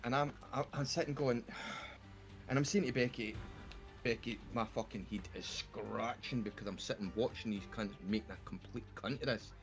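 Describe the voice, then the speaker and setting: Faint music sits behind this Scottish gamer's mid-range voice, which keeps a fairly even intonation and a moderate pace. Streaming a game, he tells friends on a voice call a meandering, profanity-filled story through his desktop mic.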